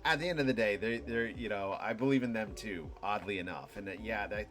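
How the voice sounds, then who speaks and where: Young male streamer, lowish voice, rambling reflective monologue full of restarts, faint music underneath. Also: fairly bright tone. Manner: halting, many restarts and fillers, laughs at own stories. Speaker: streamer hosting a live talk show.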